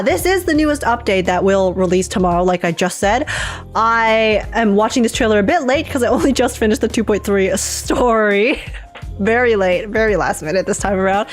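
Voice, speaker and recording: Chatty woman streamer, faint music. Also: a little high. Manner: chatty, laughs often, restarts phrases. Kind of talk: casual live-stream chat with viewers.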